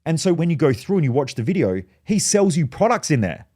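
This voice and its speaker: A man, a business coach, telling a story in a blunt, animated way with a lot of swearing. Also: a little high, brisk. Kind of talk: casual monologue, storytelling.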